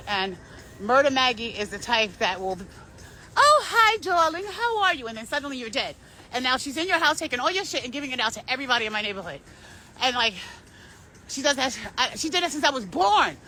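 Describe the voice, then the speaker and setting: A woman's voice: high-pitched, fairly bright tone, a little hiss or hum. A woman delivering a rambling personal monologue to camera, profane and intense, with sudden shifts in tone. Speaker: vlogger.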